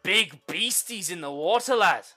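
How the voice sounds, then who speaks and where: A man voicing a cheeky male dwarf shipwright who talks in gruff sailor slang and teases a lot. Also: sits high, lively intonation, measured pace, soft background music, exaggerated voice. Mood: teasing. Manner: gruff sailor talk, teasing, loud.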